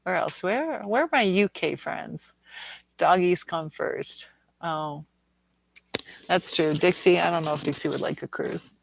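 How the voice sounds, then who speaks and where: A woman's voice: fairly low pitch, a little slow, gravelly, no echo. A woman from the Detroit area hosting a casual livestream at home, chatting with viewers, rambling with lots of fillers. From Detroit area, USA. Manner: rambling, chatty, many fillers, coos at her dog. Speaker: livestream host. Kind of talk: casual live chat reading viewer comments. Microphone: phone or webcam.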